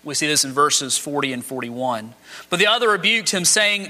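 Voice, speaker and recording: A man's voice: a little high, animated, moderate pace, bright, forceful tone. A man preaching a sermon as pastor, dramatic, acting out the quoted speech of the people in his text. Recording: long hall reverb.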